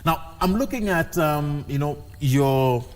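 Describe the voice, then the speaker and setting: A man hosting a morning TV show, asking questions haltingly and repeating words as he starts. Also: fairly high pitch, expressive. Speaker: TV host.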